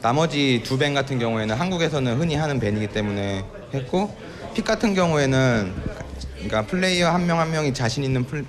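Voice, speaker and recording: A man's voice: medium pitch, lively intonation, racing, crowd noise. A male pro player answering interview questions, matter-of-fact. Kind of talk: post-match interview answers.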